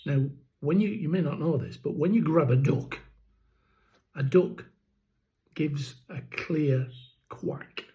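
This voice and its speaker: Speaking slowly with long pauses, a man explains poultry keeping in a loose, casual vlog, his throat rattling as he goes through many ums and restarts. His pitch is fairly high and his tone dark, captured on a rough recording.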